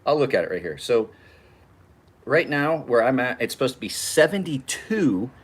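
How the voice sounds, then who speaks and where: With a mid-range voice full of big pitch swings, this man speaks at a moderate pace as he hosts a knife sharpening channel in his home garage. The live chat with viewers is loose and rambling, full of laughter and profane stories, and a little hiss or hum can be heard.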